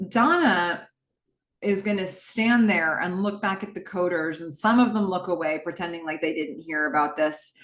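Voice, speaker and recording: A woman's voice: lowish voice, moderate pace, fairly bright tone, echoey room. A woman hosting a podcast, casually recapping a TV episode scene by scene in the present tense, with frequent "um"s. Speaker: podcast host.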